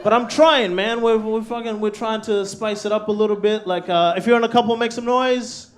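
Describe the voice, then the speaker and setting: A man's voice: sits high, steady tone, fairly quick, a crowd in the background, background noise. Brash man doing crude stand-up. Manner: crude, brash, laughing through punchlines. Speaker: stand-up comedian. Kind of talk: live stand-up set. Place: comedy club stage with live audience.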